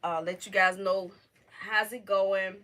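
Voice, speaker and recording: A middle-aged woman hosting a casual livestream, talking emotionally and haltingly to her viewers, close to tears. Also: medium pitch, steady tone, pushed and bright. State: on the verge of tears. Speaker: livestream host.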